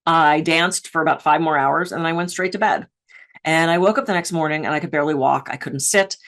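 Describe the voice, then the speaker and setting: A woman's voice: sits low, a bit bright. A woman from the Pittsburgh area giving a keynote on stress, telling personal anecdotes with playful, self-mocking humor. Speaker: keynote speaker on stress management.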